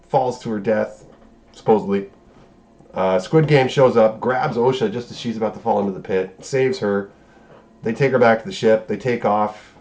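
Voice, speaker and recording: A man's voice: mid-range voice, a little mellow, muffled recording. A man giving a casual recap of a show episode, profane and sarcastic, breaking into incredulous outbursts. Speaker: show reviewer.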